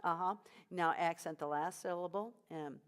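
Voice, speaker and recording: A woman leading a choir rehearsal as vocal coach, giving encouraging instructions between high sung drills. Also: steady tone, normal speed, slight background noise.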